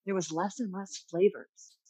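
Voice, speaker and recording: A woman pastry chef as a podcast guest, relaxed and chatty in casual conversation, laughing easily. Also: medium pitch, normal speed, husky, low-quality recording. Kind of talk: casual chat.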